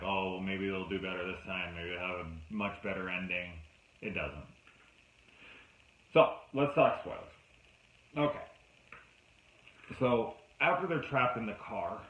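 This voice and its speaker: A man giving a casual, profane film review, sounding exasperated throughout. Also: on the low side. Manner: exasperated, swears a lot. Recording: dull lo-fi sound in an echoey room.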